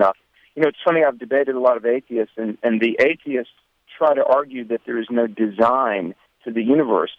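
Southern pastor guest on a dry phone line, earnest and conversational. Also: male voice, medium pitch, no echo. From American South. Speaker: radio guest, pastor and co-host. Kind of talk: phone-in radio interview.

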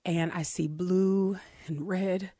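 A middle-aged woman co-hosting a casual chat, telling a story in an animated, self-deprecating way and laughing as she goes. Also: lowish voice, slow pace, dry recording, studio quality. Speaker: co-host.

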